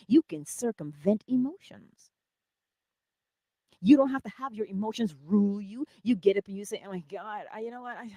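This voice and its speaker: A woman hosting a morning inspiration stream, giving an animated motivational talk that moves between loud cheering and soft whispers, laughing often. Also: medium pitch, no echo, clean studio sound.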